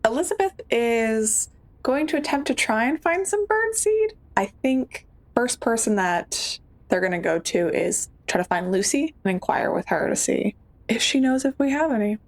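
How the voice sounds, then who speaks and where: A woman's voice: on the high side, big pitch swings, moderate pace. A woman taking part as a player in a tabletop role-playing game, easygoing as she describes her character's actions.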